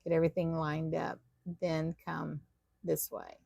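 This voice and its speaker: Gravelly woman teaching tatting. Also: deep voice, flat delivery, a little slow, dark tone, dry recording. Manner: chatty, self-deprecating, talks to viewers while working. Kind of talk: live online craft class.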